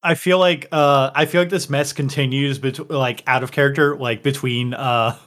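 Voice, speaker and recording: A man's voice: medium pitch, fairly even intonation, normal speed, fairly bright tone. A man running a tabletop game over a voice call, laughing as he keeps slipping into a put-on country drawl. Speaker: game master. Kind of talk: out-of-character banter in an online tabletop game.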